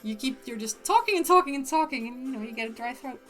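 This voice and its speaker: A woman's voice: sits high, animated, fast, a bit bright, soft background music. A woman livestreamer chatting casually with viewers, rambling with lots of restarts. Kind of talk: casual chat.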